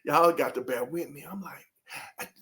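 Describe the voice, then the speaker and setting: A man's voice: fairly high pitch, moderate pace, sharp tone. A man hosting his own channel, talking casually and rambling to his viewers, throwing out rhetorical questions. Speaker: channel host.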